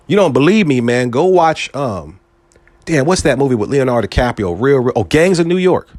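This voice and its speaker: A man talks through a loose, profanity-laced podcast rant and jumps his pitch up and down. His delivery is lively and full of swings. The sound is dry and close, with no room around it. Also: no echo. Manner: animated, swings pitch up for emphasis, profane street slang. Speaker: podcast host. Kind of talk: casual monologue commentary.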